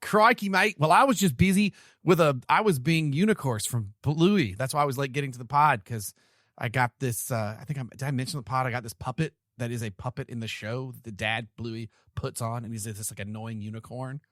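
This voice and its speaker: A man co-hosting a casual podcast, joking and animated as he chats about beer and football. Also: medium pitch, fairly quick, no room sound, studio quality. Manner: jokey, animated, laughs often. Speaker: podcast co-host. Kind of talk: casual chat.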